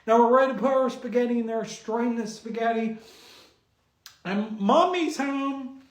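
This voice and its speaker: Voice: medium pitch, a little slow. A rambling storyteller who giggles and trips over words in a middling voice. The voice echoes around a roomy space. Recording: roomy echo.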